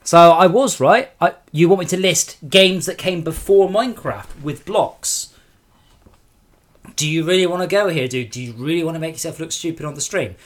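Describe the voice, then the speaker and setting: A man's voice: a little high, moderate pace. A man streaming a game live and sarcastically scolding trolls in his chat.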